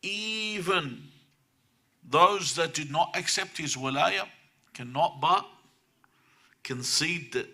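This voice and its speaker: A man's voice: a little high, expressive, slow, vocal fry, long pauses, bright, forceful tone. A man giving a religious lecture to a live audience in a room, driving his points home with emphatic rhetorical questions.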